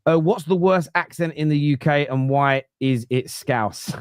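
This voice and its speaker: A man's voice: fairly high pitch, measured pace, smooth, no room sound, studio quality. A man hosting a casual football podcast, talking bluntly and opinionatedly and swearing freely. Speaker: podcast host.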